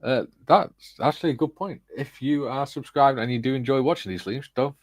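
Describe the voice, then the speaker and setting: A man's voice: mid-range voice, brisk, dry recording. A man hosting a casual livestream, reading viewers' chat messages aloud and chatting with his panel. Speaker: livestream host.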